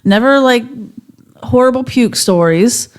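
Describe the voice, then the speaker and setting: A woman's voice: a little high, unhurried, smooth. A chatty woman on a casual podcast spins long personal stories. Her talk is full of fillers like "like" and "you know". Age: adult mother. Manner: chatty storyteller, lots of fillers. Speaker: podcast co-host. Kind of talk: casual chat.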